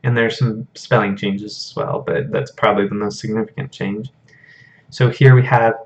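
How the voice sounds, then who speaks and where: A man's voice: lowish voice, steady tone, moderate pace, dull audio. A man teaching a Hebrew grammar lesson over a shared screen, explaining patiently in a casual way with frequent fillers.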